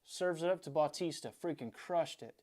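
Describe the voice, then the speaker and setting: A man's voice: a little high, moderate pace, darkish tone. A man ranting as a frustrated fan in a sports vlog.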